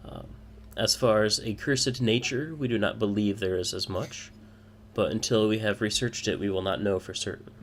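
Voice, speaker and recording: A man playing a formal tavern patron handing out a job in a fantasy tabletop game. The voice is fairly low, and he speaks in a measured, stiff way over a faint hiss. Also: steady tone, lightly acted.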